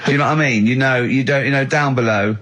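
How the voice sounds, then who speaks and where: A male radio host in a studio, bantering casually and firing off quick hypothetical questions. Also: medium pitch, fairly bright tone.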